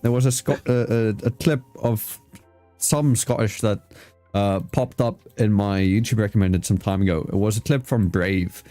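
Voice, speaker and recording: A man's voice: on the low side, moderate pace, warm tone, no echo, faint music behind. A man hosting an interview show, chatting casually with a guest, laughing often and swearing freely. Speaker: host. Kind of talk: casual chat.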